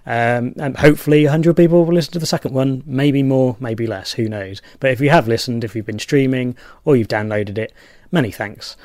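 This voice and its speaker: A man's voice: medium pitch, fairly quick, a little mellow, no room sound. Give me a man hosting his own podcast, rambling and self-deprecating, recorded very dry. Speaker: podcast host. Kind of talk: casual podcast chat.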